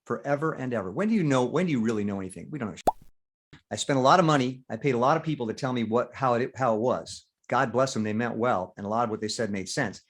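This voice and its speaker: A man's voice: mid-range voice, fast talker, breathy edge. An older man, a veteran actor, talking candidly in an interview, acting out inner thoughts and swearing freely. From United States. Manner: animated, acts out inner voices, swears freely. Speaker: guest actor.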